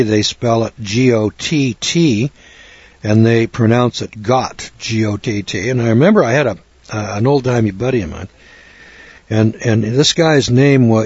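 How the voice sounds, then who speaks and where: A man's voice: mid-range voice, a little mellow, slightly rough, no echo, dull audio. An older man from the western United States talking in a folksy, rambling way about names and scripture, often spelling words out letter by letter. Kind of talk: casual religious talk, answering a question.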